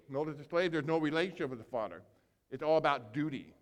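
A man preaching a sermon as pastor, telling a story with animated acting-out of characters and big swings between loud and soft. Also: fairly high pitch, quick pace. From grew up on a small farm. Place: church sanctuary. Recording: long hall reverb.

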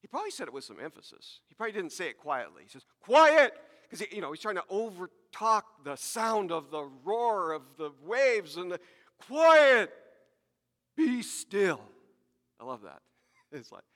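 A man's voice: high-pitched, sing-song, a little fast, fairly bright tone, big-room sound. A man preaching a sermon to his congregation, talking conversationally with repeated words and asides. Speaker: pastor.

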